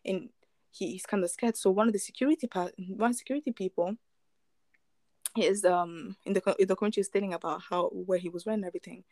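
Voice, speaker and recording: Woman, casual storytelling, rambling, filler-heavy, dry close sound, mid pitch. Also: steady tone, fast talker, dark tone, dry recording. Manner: rambling, many fillers and restarts, chuckling asides. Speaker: storyteller retelling a true crime case.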